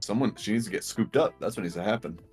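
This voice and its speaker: A man co-hosting a live stream in casual chat, teasing and quick to laugh. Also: lowish voice, a little mellow, soft background music. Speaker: co-host.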